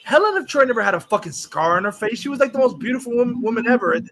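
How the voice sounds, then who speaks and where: A man with a very high, sharp voice rants on a live stream. His talk rambles and restarts, is laced with swearing, and sounds scoffing and exasperated as he picks a movie apart. He talks into a desktop mic. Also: expressive, very fast, rough recording. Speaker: host reviewing a movie. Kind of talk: profane live-stream rant.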